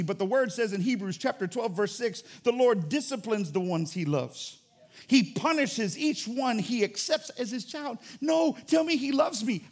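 Pastor, male, very high and animated delivery, playful sermon with jokes. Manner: lively, joking, preaching with acted-out asides.

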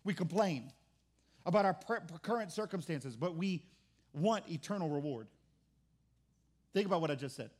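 High-voiced preaching man, drawl. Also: expressive, moderate pace, pauses often, a little mellow. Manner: conversational preaching with repeated restarts; acts out churchgoers' complaints in mock voices. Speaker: pastor. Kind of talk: sermon.

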